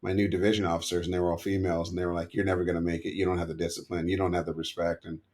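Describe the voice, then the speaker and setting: A man's voice: low-pitched, little pitch movement, very fast, darkish tone. A middle-aged man telling rambling, self-correcting stories as a podcast guest. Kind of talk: storytelling in an interview.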